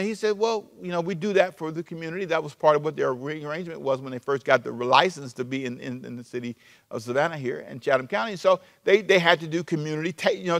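A male pastor preaching a sermon, animated and repeating himself as he restarts phrases. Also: fairly high pitch, vocal fry. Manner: animated preaching, sudden shifts between loud emphasis and soft asides.

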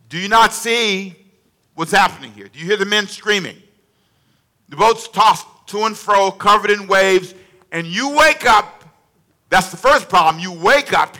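A man preaching a sermon with a high, very bright and forceful voice. He works the congregation with call-and-response questions and acts out dialogue, swinging between near-whispers and loud bursts. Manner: acts out dialogue with varied volume.

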